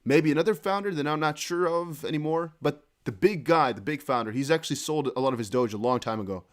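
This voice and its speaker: A man hosts a casual live crypto stream, talking at a breakneck clip in a slightly raised register. He thinks aloud excitedly and reads viewer chat and posts back to his audience. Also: fairly high pitch, quick pace. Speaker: crypto news livestream host.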